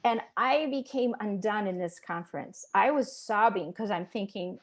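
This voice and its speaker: Speaking at a moderate pace with a medium pitch, this interview guest, a woman around fifty, shares her personal testimony. She's heartfelt and emotional and performs the voices of the people she quotes.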